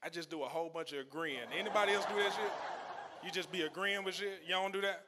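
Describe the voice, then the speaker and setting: A man's voice: high-pitched, fast talker, very noisy. A male stand-up comedian on a club stage, talking loosely and chuckling through his punchlines. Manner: loose, conversational, trailing punchlines with laughs. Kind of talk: stand-up set.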